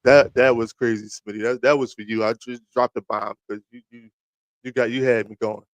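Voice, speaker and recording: A man's voice: medium pitch, flat delivery, fairly quick, dry recording. A man hosting a casual sports talk livestream, rambling and trash-talking as he answers viewers in the chat, with many restarts.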